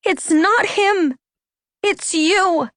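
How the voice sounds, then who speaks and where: A woman's voice: fairly high pitch, animated, measured pace, dry recording, studio quality, pitched above the performer's own voice. A woman voicing a proud, stubborn teenage girl who protests in a raised, tearful way. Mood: angry.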